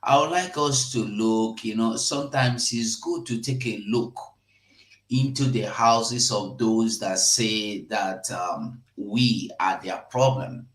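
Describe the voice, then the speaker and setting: A man hosting a live stream, delivering political commentary slowly with many hesitations. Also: lowish voice, echoey room, low-quality recording. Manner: slow, hesitant, many fillers.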